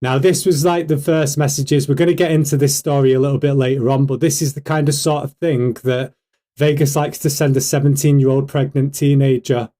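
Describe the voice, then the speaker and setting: A man's voice: mid-range voice, level tone, fairly quick, warm tone. A British man hosts a casual livestream in a hyped, rhetorical way. He keeps throwing questions at his viewers and pushes the pace. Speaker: livestream host.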